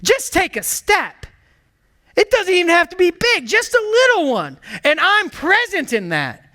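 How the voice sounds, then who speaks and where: Guy preaching, high bright voice, super animated, gets loud then goes quiet. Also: normal speed. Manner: energetic, emphatic preaching with call-and-response; swings from excited bursts to hushed low asides. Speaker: pastor. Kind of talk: sermon.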